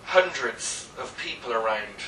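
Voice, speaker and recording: A man's voice: medium pitch, animated, measured pace, sharp tone, slight background noise. A man from England, co-hosting a casual chat, telling a story hesitantly with ums and restarts. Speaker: co-host. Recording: roomy echo, mic at a distance.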